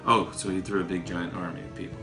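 A man giving casual, playful commentary while playing a mobile game, excitable and trash-talking his opponents. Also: low voice, fast, music in the background. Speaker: talk show host.

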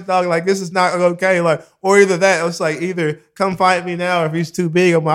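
A young man telling a story in casual chat, animated and profane, acting out quotes and laughing often. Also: sits high, brisk, hardly any pauses.

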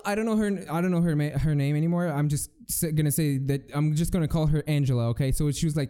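A young solo podcast host talks fast with hardly any pauses, his fairly high voice mellow and smooth. He rants casually through rambling, profane stories, restarting many times.

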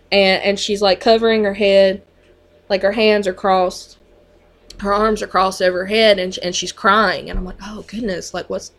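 A woman who works on a mental health unit tells a story in casual conversation, chatty and full of fillers. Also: mid-range voice.

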